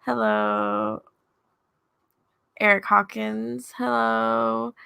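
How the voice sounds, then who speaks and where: A teenage girl at home reading out viewer names in a flat, offhand way on her father's livestream. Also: on the high side, extremely slow, creaky, smooth, no room sound. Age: teens. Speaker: host's daughter. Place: home studio.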